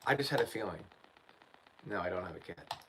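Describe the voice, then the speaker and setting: A man's voice: deep voice, expressive, a little fast, a bit bright, slight background noise, low-quality recording. A man hosting his channel, telling a story in a casual livestream chat, ranting and often saying "dude" and "man". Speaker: channel host.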